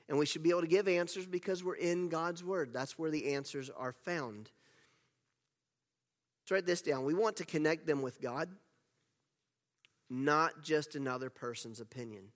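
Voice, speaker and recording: A man's voice: a little high, moderate pace, long pauses, big-room sound. A middle-aged man, a pastor preaching an earnest sermon in church, with playful self-deprecating asides.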